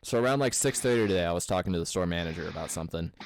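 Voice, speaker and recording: A man's voice: low-pitched, lively intonation, racing, slight background noise. A young man from the American Midwest telling a podcast story in casual chat, with many fillers and a lot of swearing.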